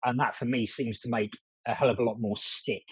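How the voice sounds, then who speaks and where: A man talking earnestly in a casual podcast chat, often restarting and repeating words as he works through an idea. His voice is husky and middle-pitched. The sound is dry and a little dull, like a lo-fi remote line. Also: steady tone, brisk, no echo. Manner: earnest, repeats words while building a point. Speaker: podcast guest.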